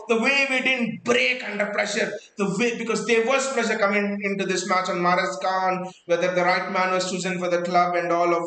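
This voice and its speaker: Breathless excitable football fan host. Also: male voice, sits high, reverberant, rough recording. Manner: excitable, repeats words, stumbles in bursts. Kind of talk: excited live fan reaction.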